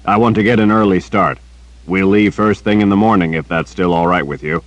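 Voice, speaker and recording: A man doing a gruff big warrior. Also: low-pitched, brisk, no room sound, muffled recording, natural voice. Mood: gruff teasing. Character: big, gruff, teasing male warrior guardian.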